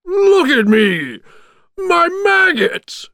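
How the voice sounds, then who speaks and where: A storybook narrator voicing a dying male bogeyman monster who wails in high, strained cries. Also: very animated, very slow, gravelly, fairly bright tone, dry recording, studio quality, full character voice. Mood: panicked wail.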